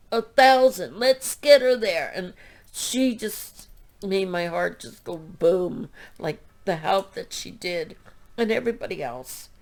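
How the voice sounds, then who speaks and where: A woman's voice: fairly low pitch, a little mellow. A middle-aged woman hosting a crochet podcast, talking emotionally and rambling as she thanks her viewers. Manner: emotional, gushing, rambling with restarts. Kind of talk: heartfelt thank-you talk to viewers.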